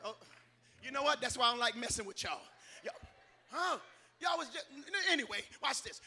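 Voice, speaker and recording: Man, pastor, high bright voice, shouted call-and-response sermon. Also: expressive, brisk. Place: church sanctuary.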